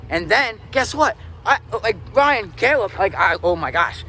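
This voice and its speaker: A young man from Arizona in his twenties tells his life story as a motivational speaker, animated and swearing freely. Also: sits high, measured pace, a little hiss or hum. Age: 20s. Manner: animated and swearing, rising to excited peaks. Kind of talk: personal story monologue.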